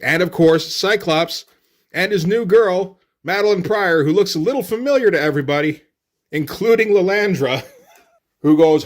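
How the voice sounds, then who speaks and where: A man reviewing a comic book in casual solo commentary, relaxed and loose, swearing offhandedly. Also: on the high side, moderate pace.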